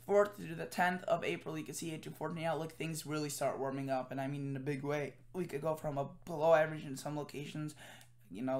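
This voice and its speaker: A tired man giving a casual weather forecast from home, rambling with many fillers and self-corrections. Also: fairly high pitch. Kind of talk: casual forecast commentary over screen.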